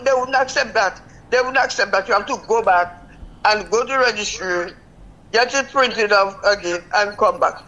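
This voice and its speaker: A woman's voice: medium pitch, moderate pace, sharp tone, lo-fi sound. An older woman calling in to a radio show, venting her frustration emphatically and repeating herself. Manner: vexed, repetitive, emphatic. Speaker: caller. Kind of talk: call-in radio complaint.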